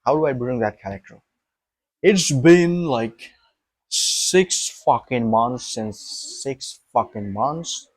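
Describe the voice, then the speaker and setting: A man's voice: mid-range voice, expressive, slow pace, dry recording. A young man vlogging to his camera, thinking aloud in an emphatic, rambling way, repeating himself and swearing.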